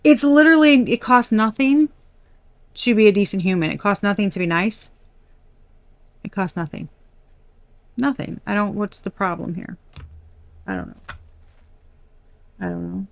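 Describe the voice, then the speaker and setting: A woman's voice: medium pitch, unhurried, gravelly, pauses often, no echo. Blunt, profane woman reading tarot. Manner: blunt, swears freely, exasperated asides. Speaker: tarot reader. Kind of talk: casual collective tarot reading.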